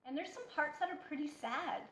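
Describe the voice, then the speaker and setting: A woman's voice: high voice, fairly quick, slight background noise. Blunt, preachy woman in an echoey room. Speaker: healthy-eating coach. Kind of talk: motivational talk to camera. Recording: echoey room, dull lo-fi sound.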